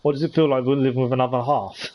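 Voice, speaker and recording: A man's voice: mid-range voice, fairly even intonation, quick pace, lo-fi sound. A man streaming a game live, chatting casually with viewers in a hesitant way with many ums. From United Kingdom. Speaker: gaming streamer.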